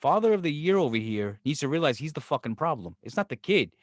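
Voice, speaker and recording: Fast-talking, blunt New York man. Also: fairly high pitch, big pitch swings, no room sound, studio quality. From Brooklyn, New York. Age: middle-aged. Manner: blunt, profane, sarcastic. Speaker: podcast co-host. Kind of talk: casual chat.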